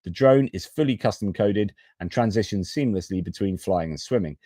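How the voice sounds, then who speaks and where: A man's voice: on the low side, normal speed, warm tone, dry recording, studio quality. A man hosting a live war news stream, reading updates with chatty, wry asides. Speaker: news livestream host.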